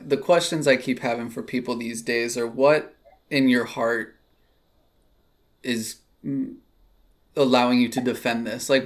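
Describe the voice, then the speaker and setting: A man hosting a casual conversation, reflective, with soft backchannels and pointed questions. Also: mid-range voice.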